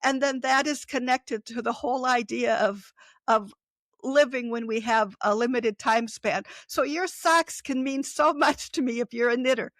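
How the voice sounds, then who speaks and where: A woman's voice: on the high side, steady tone, moderate pace, a bit bright, no echo. A middle-aged woman author in a casual interview, speaking reflectively and laughing often. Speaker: author and guest.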